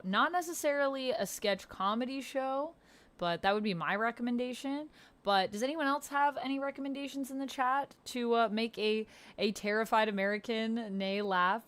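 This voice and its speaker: A woman streamer chatting casually with her viewers. She rambles, reads chat aloud, laughs often and jumps high in pitch when she is surprised. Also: a bit bright. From Canada.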